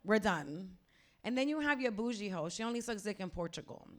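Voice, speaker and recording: A woman's voice: a little high, animated, fast talker. A woman doing a stand-up set with a brash, crude, punchy delivery. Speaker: stand-up comedian.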